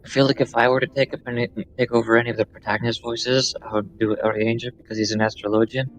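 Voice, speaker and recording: A man co-streaming a game, chatting in a relaxed, joking way. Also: mid-range voice, fast, rough recording. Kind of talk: casual chat while gaming. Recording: music behind.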